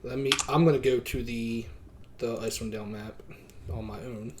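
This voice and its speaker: A man's voice: mid-range voice, fairly even intonation, moderate pace, darkish tone, slight background noise. A man leads a tabletop role-playing session as game master. He narrates hesitantly, stopping often with fillers as he describes the scene.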